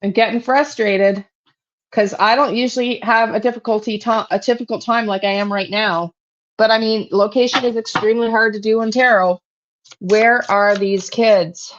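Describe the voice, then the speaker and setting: A woman's voice: on the high side, steady tone, fairly quick, lo-fi sound. A woman hosting a true crime channel, talking to herself while she pulls tarot cards and repeats her questions to spirit.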